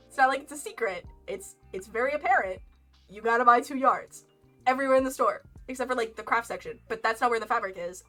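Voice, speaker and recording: A young woman with a high, bright voice chatting casually as a streamer. She rambles through a story with lively, swooping pitch and laughs often. Soft lo-fi music plays behind her.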